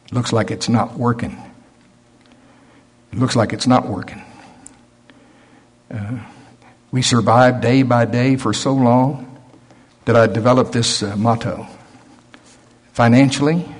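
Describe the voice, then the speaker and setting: A man's voice: mid-range voice, breathy edge. An older man preaching a sermon, telling stories in a folksy way and acting out the voices of others.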